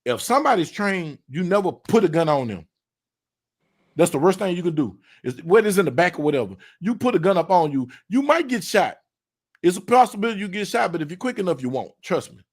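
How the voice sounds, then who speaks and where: Podcast host, male, slightly high-pitched, loose and animated storyteller voicing everyone in his story. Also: a little fast. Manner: animated, acts out quoted dialogue, loose slangy delivery. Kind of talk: casual storytelling chat.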